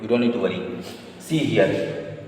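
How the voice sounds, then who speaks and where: A man teaching a language lesson slowly, repeating each word and checking in with "okay?" after each point. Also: lowish voice, a little mellow, a little hiss or hum. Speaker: French teacher. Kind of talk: slow, repetitive language lesson. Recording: echoey room with long reverb.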